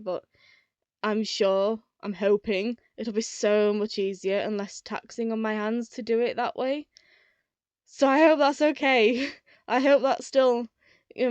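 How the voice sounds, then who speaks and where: A woman giving a chatty, animated retrospective review of a TV series, swearing casually as she talks. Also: a little high, clean tone, no echo, dull audio.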